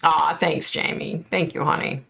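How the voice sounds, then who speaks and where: In an unhurried, low, creaky voice with a fairly bright tone and fairly even intonation, a middle-aged US woman hosts a psychic live stream. She casually chats through comments, laughing often and thanking viewers by name, while overheated and sweating.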